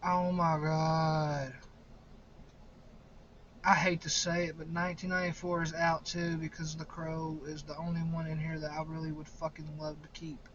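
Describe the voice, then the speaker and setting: A man's voice: a little high, monotone, moderate pace, fairly bright tone. A young man casually ranking horror movies in a rambling, profane way, often laughing. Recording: slightly dull recording with faint noise.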